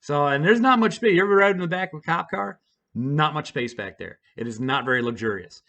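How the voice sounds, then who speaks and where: A man casually telling a personal story to camera, rambling and self-deprecating with halting restarts. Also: fairly high pitch, expressive, gravelly, bright, forceful tone, lo-fi sound.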